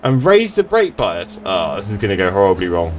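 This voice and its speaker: A man's voice: deep voice, wildly swooping pitch, brisk, slight background noise. A man chatting casually and joking at his own expense while live-streaming a sim race. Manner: chatty, joking, self-deprecating. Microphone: desktop streaming mic.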